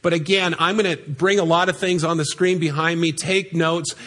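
A man's voice: a little high, steady tone, moderate pace, fairly bright tone. A man preaching a sermon in a church, earnestly reading scripture aloud and explaining it. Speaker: pastor. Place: church sanctuary.

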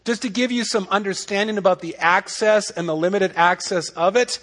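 A man's voice: high-pitched, moderate pace, a bit bright. A man preaching a sermon as pastor, conversational and emphatic, asking rhetorical questions.

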